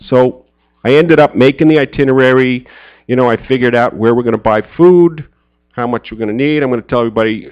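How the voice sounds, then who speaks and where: A middle-aged man telling a personal story as a speaker at a men's church gathering. He is an animated storyteller who acts out friends' lines in a high, excited voice. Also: quick pace, clear, resonant tone, muffled recording. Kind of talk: storytelling sermon.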